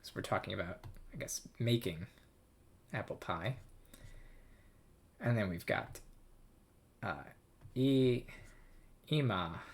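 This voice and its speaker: Slow, musing man working through a text. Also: fairly low pitch. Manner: thinking aloud, hesitant, self-amused. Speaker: language learner reading a game aloud. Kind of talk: casual reading lesson.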